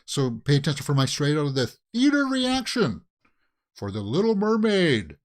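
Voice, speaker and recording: A man's voice: fairly high pitch, sing-song, normal speed. A man with a Canadian accent hosting a casual watch-along reaction, talking back at the screen with pleading, exasperated asides. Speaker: reaction video host.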